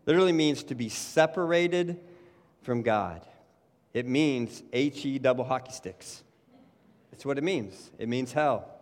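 A man's voice: mid-range voice, measured pace. A man preaching a sermon in a loose, conversational way, often adding "you know" and "right". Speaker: pastor. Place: church sanctuary. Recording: reverberant church hall.

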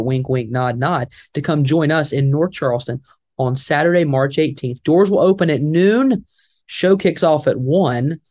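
A man's voice: on the high side, darkish tone, no echo. Southern male talk-radio host, folksy and rambling, dry close mic. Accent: Southern American. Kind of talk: talk radio chat and event promo.

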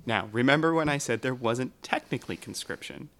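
A man's voice: medium pitch, lively intonation, fairly quick, fairly bright tone. Laid-back guy narrating history on a podcast, easygoing explainer voice.

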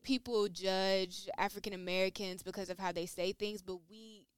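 Young woman, smooth clear mid voice, relaxed agreeable co-host. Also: mid-range voice, moderate pace, dry recording. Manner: relaxed, agreeable, frequent short affirmations. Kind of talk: casual chat.

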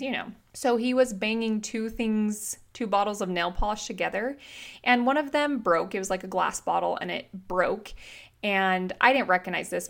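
A woman in her thirties hosts her own podcast and tells a family story in a chatty, animated way, with casual slang and plenty of "like". Her voice sits at an ordinary middle pitch. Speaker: podcast host.

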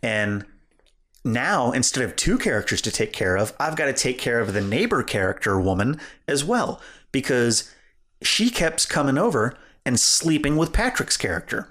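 A man's voice: medium pitch, moderate pace. Guy on a podcast telling a long funny story, voice jumps all over, laughs a lot. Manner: animated, laughs through his own story. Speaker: podcast co-host. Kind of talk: casual storytelling chat.

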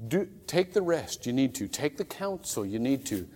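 A man preaching a sermon as a pastor, swinging from loud acted outbursts to soft, near-whispered pleas. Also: mid-range voice, big pitch swings, normal speed. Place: church sanctuary. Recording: long hall reverb from a church.

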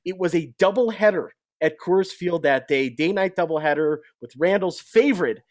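Higher-voiced chatty man, dry sound. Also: lively intonation, moderate pace, no room sound. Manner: chatty storyteller. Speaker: podcast co-host. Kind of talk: casual sports talk.

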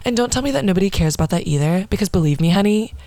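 A woman's voice: medium pitch, lively intonation, very fast, dark tone, no echo. A young woman talks through old posts in a sassy, profane and amused way, like a casual podcast host. Her voice sits in an ordinary middle register. The sound is close and dry, with no room behind it. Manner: sassy, profane, laughing at her own past. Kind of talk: casual chat, reading old posts aloud.

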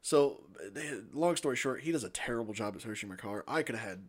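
A man's voice: medium pitch, lively intonation, fast talker. A young man co-hosting a podcast, telling a story in a casual, profane, laughing way. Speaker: podcast co-host.

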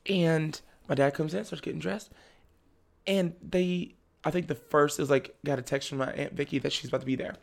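A young man with a slightly high, gravelly voice, chatting as a podcast guest. He tells his story in a lively way, often laughing and playing out the lines of the people in it. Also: normal speed. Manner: animated, acts out family members' lines; laughs often while talking. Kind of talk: casual storytelling chat.

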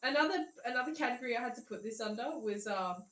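A woman's voice: on the high side, lively intonation, quick pace, background noise. A young woman co-hosting a podcast in casual chat, giggly and swearing, jumping between jokes. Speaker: podcast co-host. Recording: echoey room.

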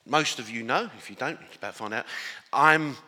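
A man's voice: mid-range voice, fairly quick, bright, forceful tone, in a large hall. A man from Northern Ireland with an English accent, preaching a sermon as pastor, earnest, often restarting and building to emphatic declarations.

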